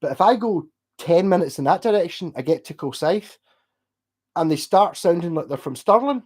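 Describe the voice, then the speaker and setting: A man with a Scottish Glasgow accent rambling in animated casual chat with his livestream viewers, swearing and laughing as he goes. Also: high voice, moderate pace. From Scotland. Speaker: streamer chatting with viewers.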